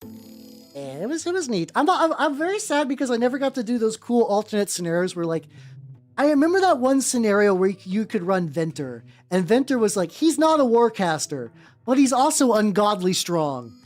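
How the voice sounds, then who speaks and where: A man with a high-pitched voice chatting casually with viewers as he paints miniatures. He rambles, with plenty of fillers, restarts and casual swearing. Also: sing-song, fairly quick. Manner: chats with viewers while working. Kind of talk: casual livestream chat while painting. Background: faint background music.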